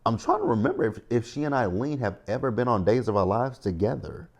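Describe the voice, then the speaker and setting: A man's voice: medium pitch, wildly swooping pitch, fairly quick, gravelly. A man in his thirties giving a chatty, opinionated recap of a reality show, talking straight to his viewers. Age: 30s. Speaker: TV recap host.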